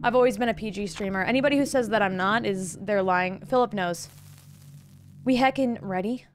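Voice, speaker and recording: A young woman streaming a game, chatting casually with her viewers in excitable bursts. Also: medium pitch, brisk, slight background noise. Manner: chatty, talks to chat, excitable exclamations. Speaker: live streamer. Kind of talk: casual live-stream chat.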